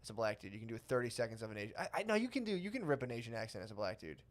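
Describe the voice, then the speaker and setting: A man co-hosting a podcast in casual chat, telling stories with quick profane asides. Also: mid-range voice, sing-song. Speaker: podcast co-host.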